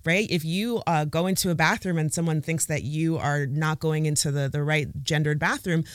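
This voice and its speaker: A woman's voice: low voice, moderate pace, no room sound, studio quality. A woman hosting an advice podcast, talking casually and acting out little quotes as she makes her points. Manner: animated, quotes people in acted voices. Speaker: podcast host.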